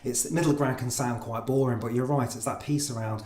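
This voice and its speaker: A man asking questions in a casual podcast chat, chatty and quick to repeat words as he starts. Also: medium pitch, fairly even intonation, darkish tone, roomy sound. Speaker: interviewer. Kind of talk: casual conversation.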